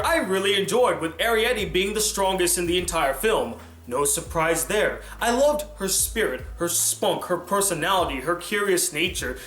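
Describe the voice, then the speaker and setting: A man with a high-pitched voice reviews a film in a casual, enthusiastic way, slipping in jokes. His voice echoes around the room. Faint music plays underneath. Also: a bit bright. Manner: enthusiastic and jokey.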